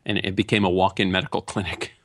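A man's voice: deep voice, flat delivery, quick pace, fairly bright tone, no room sound, studio quality. A man in casual podcast chat who tells stories with a wry sense of humor. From Connecticut.

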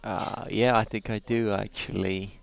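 A man's voice: lowish voice, little pitch movement, unhurried, vocal fry. A man, a racing driver chatting casually and laughing easily in an interview. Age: 30s. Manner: cheerful, laughs easily, short answers. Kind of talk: casual chat.

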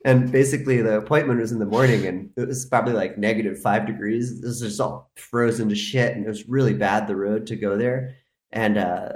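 A man's voice: fairly low pitch, steady tone, quick pace, a little mellow. A man speaking as a podcast guest in casual chat, telling a long rambling story full of "like". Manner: rambling storyteller, heavy use of filler "like". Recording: roomy echo.

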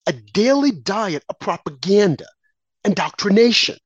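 At a measured pace, a husky, expressive political commentator with a medium-pitched voice delivers a fervent monologue of repeated phrases, rhetorical questions, and quoted asides mocking opponents. The lo-fi recording has no echo and sounds slightly dull.

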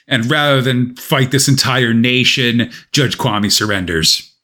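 A man's voice: mid-range voice, unhurried, pushed and bright. A man co-hosting a casual podcast, recapping a comic story with wry asides. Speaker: podcast co-host.

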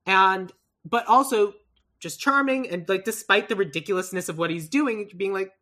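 A woman hosting a podcast in casual, animated chat, laughing often and swearing casually. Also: mid-range voice, normal speed.

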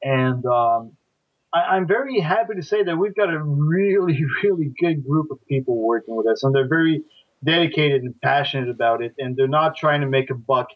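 A man who teaches catch wrestling, a guest chatting casually, talking in a halting way with many fillers and repeated starts. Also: medium pitch, animated, dry recording, muffled recording. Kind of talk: casual podcast chat.

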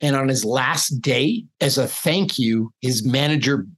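A man co-hosting a casual podcast over a video call, telling stories in an animated, sarcastic way and swearing freely. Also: medium pitch, unhurried. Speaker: podcast co-host.

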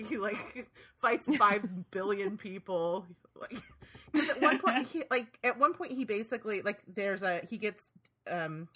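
A woman's voice: mid-range voice, bright, forceful tone. A woman hosting a podcast in casual chat, gushing and laughing, with plenty of "like" in her speech. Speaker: podcast host.

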